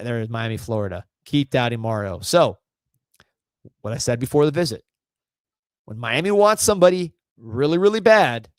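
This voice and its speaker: A man's voice: mid-range voice, dry recording. A man hosting a live fan sports show, talking casually and with energy, reading viewer comments aloud. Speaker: host of a fan sports livestream.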